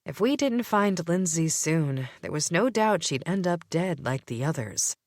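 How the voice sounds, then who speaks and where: A woman with a low voice reads a first-person audiobook, her pitch moving in a lively, expressive way. Her delivery has a sardonic edge. The recording is dry and close. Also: unhurried, no room sound. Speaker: audiobook narrator.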